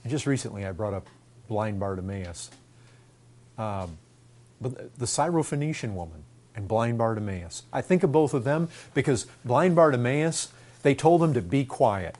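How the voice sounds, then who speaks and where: A man's voice: mid-range voice, expressive, moderate pace, a little mellow. A man preaching a sermon, earnest and repetitive, building to fervent emphasis.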